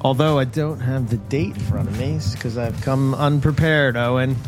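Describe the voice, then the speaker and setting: A man's voice: mid-range voice, normal speed, music in the background. A man hosting a casual podcast, who rambles, laughs often and pokes fun at himself. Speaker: podcast host.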